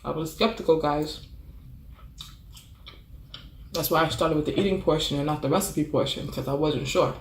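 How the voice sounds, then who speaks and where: A woman's voice: low voice, normal speed, pauses often, roomy sound. A woman chatting casually while eating in a mukbang vlog, savoring each bite with frequent hums of approval. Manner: chatty, savoring with frequent mm sounds between bites. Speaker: food vlogger.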